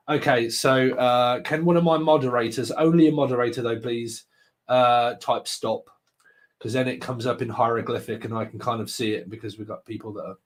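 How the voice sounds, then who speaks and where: A man hosting a live tarot stream, chatting casually with viewers, joking and laughing often. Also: medium pitch. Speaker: tarot livestream host.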